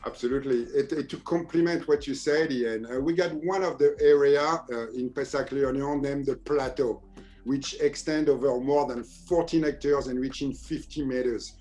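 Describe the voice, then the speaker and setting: A man's voice: medium pitch, fairly even intonation, normal speed, a little mellow, faint music behind. A man with a French accent, a wine merchant guest, giving facts hesitantly with many fillers. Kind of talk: casual chat on a video tasting.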